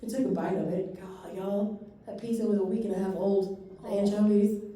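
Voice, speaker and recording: A woman giving a dementia care training talk to a live audience, telling stories and quick asides in a fast, animated way. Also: mid-range voice, crowd noise. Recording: echoey room from far off.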